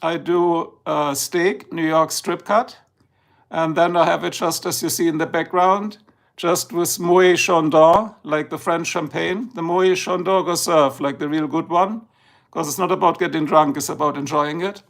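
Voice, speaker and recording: A middle-aged German-accented man hosts a livestream in loose, rambling chat, slipping between English and German. His voice sits a little high and has a gravelly, creaky edge. He sounds freshly woken up. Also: fairly even intonation, unhurried, fairly bright tone. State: just woken up. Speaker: livestream host. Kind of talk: casual livestream talk.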